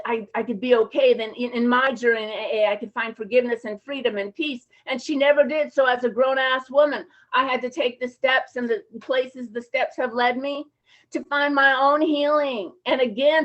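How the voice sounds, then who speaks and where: A woman with a high voice tells her recovery story in a frank, casual, openly emotional way, dropping slang as she goes. The sound is muffled, lo-fi conference audio. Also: fairly bright tone. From Champaign, Illinois area. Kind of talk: personal recovery talk.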